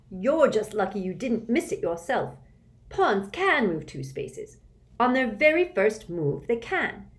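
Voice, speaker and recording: A smug, know-it-all schoolboy lectures with open scorn, as a woman reader puts him on. His words come slow and deliberate, and his voice is a little raised and lilting. He sounds like a storybook bully who thinks everyone else is a baby. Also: a little high, pitched above the performer's own voice.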